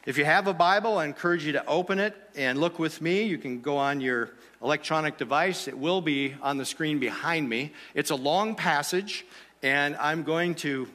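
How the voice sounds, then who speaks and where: A pastor preaches to his congregation in an easy, conversational way, often checking in with rhetorical questions. His voice sits a little high and rings bright and forceful. The sound trails off in the long reverb of a church hall. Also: moderate pace. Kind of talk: sermon.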